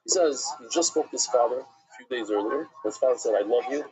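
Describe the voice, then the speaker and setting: A middle-aged man, a rabbi, teaching a casual Talmud class in a chatty, animated way, dropping Hebrew and Yiddish words into his English. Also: mid-range voice, fast, rough recording.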